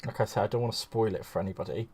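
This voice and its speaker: A man's voice: fairly low pitch, very fast, a little mellow, slightly rough. Chatty man gushing over crafts. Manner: gushing, rambling, greets viewers fondly. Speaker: craft livestream host. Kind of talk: chatty live crafting stream.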